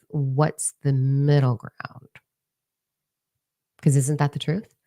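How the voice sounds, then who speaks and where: A woman's voice: deep voice, gravelly, warm tone. A middle-aged woman giving a candid motivational monologue, blunt and profane, driving her points home by repeating words. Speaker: motivational speaker.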